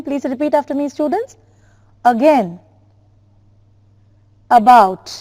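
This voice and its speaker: A woman teacher slowly drilling words and syllables for her students, addressing them directly. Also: high voice, mellow, in a large hall. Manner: slow, careful word-by-word drilling, addressing students. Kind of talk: classroom lesson on syllables.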